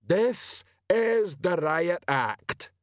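A man voicing a huge, slow-witted male troll sergeant who bellows and stumbles over long words, in an audiobook. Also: high voice, sing-song, no room sound, clean studio sound, pitched above the performer's own voice, exaggerated voice. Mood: bellowing. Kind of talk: audiobook character voice.

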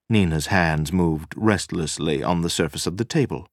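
A man narrating a science fiction audiobook in a steady, even storytelling manner. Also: low voice, moderate pace, no room sound, studio quality. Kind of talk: scripted narration.

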